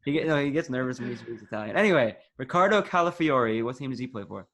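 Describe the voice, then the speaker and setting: A teenage man runs a quiz on a casual sports podcast, recorded over a video call. His voice sits at a middle pitch. He teases his friends in an upbeat way. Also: racing. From United States. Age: teens. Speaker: podcast co-host and quizmaster.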